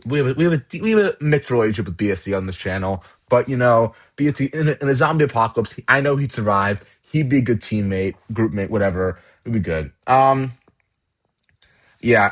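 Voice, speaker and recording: A man's voice: medium pitch, lively intonation. Rambling man doing casual commentary. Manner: rambling, halting, lots of fillers and restarts. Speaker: channel host. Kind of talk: casual tier-list commentary.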